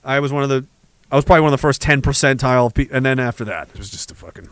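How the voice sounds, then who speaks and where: A man's voice: medium pitch, rapid-fire, smooth, no echo. A man hosting a livestream, reading chat messages aloud in a rambling, profane, sarcastic way.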